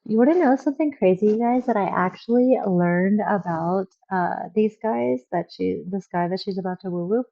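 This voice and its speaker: Chatty woman streamer with vocal fry. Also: medium pitch, moderate pace, few pauses, dull audio. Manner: chatty, rambling with fillers. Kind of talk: casual gameplay commentary.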